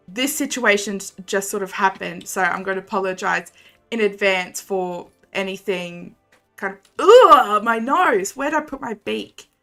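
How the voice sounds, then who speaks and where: Chatty woman streamer, bright voice. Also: medium pitch. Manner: chatty, animated, prone to rants. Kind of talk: casual game stream chat.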